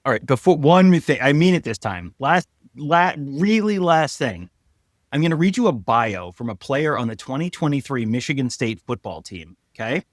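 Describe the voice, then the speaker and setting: A man co-hosting a sports podcast, telling stories with wry humor and quick mock voices. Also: medium pitch, sing-song, dry recording, studio quality. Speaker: podcast co-host. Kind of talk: casual sports chat.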